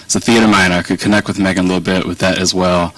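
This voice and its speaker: A man with a faint Southern accent speaks to a live audience in a lowish, easygoing voice. He rambles warmly and pokes fun at himself. The sound is dry, caught by a microphone set back from him. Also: little pitch movement, rapid-fire, no echo, recorded from a distance, poor audio. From Virginia, US. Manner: rambling, self-deprecating, chatty. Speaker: keynote speaker. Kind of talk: conversational speech to an audience.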